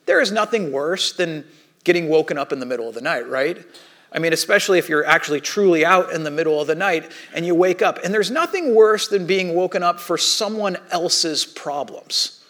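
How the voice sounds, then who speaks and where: A man's voice: fairly high pitch, fairly quick. A man in his thirties preaching a sermon, telling stories in a chatty way and acting out the voices of the people in them. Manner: animated storytelling, acting out quoted voices; conversational with frequent restarts. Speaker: pastor.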